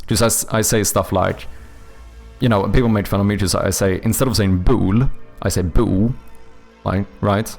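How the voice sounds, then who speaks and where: A man's voice: sits low, vocal fry, darkish tone. A man with a Swedish accent, a streamer and game developer chatting casually and thinking aloud, often stopping to correct himself. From Sweden. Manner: halting, self-correcting, thinks aloud while answering chat. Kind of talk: casual live-stream chat.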